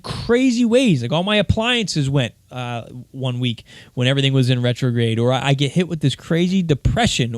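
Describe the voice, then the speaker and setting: A man with a mid-range voice, recorded in a clean studio without echo, hosts his own podcast. His solo monologue is rambling and worked-up, full of restarts.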